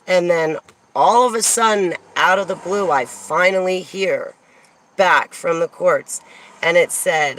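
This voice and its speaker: A woman's voice: fairly low pitch, unhurried, a bit bright, rough recording. A woman from New Jersey telling a rambling personal story in a casual monologue, digressing often and laughing as she goes.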